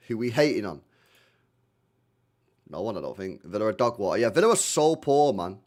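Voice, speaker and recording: A man's voice: fairly low pitch, big pitch swings, a little slow, pauses often, a little mellow. A man running a live football reaction stream, blunt and slangy, swearing freely as he reacts to the play.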